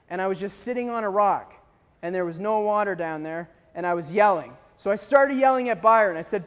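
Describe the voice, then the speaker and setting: A young man telling a dramatic story to an audience, acting out scenes with animated delivery. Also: very high-pitched, in a large hall. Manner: animated, acts out scenes, sometimes shouts. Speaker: speaker telling a mission story.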